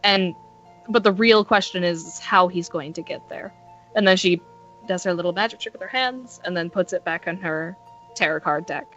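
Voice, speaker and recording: A woman's voice: on the low side, moderate pace, a bit bright, muffled recording, faint music behind. A woman playing a tabletop role-playing game, describing her character with frequent giggles. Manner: giggly, playful. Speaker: player.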